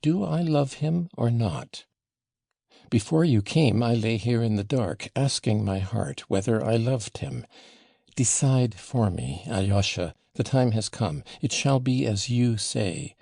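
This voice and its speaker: A man's voice: mid-range voice, unhurried, creaky, warm tone, breathy edge, dry recording, clean studio sound. A man reading an audiobook voices a passionate, wounded young woman, talking in a raised, emotional way that swings from tender to scornful. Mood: pleading. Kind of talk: audiobook character voicing.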